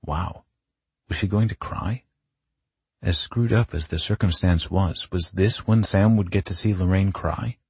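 A man narrating an audiobook in a wry, measured reading. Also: low voice, darkish tone, husky, no echo. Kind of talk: scripted narration.

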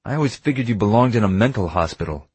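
A man's voice: on the low side, lively intonation, fast talker, a little mellow, husky, no echo, voice pushed up. A man voicing a grieving, bitter young man, the narrator's older brother, who talks bluntly, sneers and swears. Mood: scornful.

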